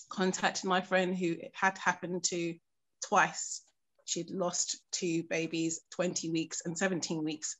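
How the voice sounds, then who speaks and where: A woman telling a painful personal story in a documentary interview, earnest and composed, pausing often with fillers. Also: fairly low pitch, little pitch movement, a bit bright. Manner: earnest, halting storytelling with frequent pauses and fillers; keeps her composure while recounting something painful.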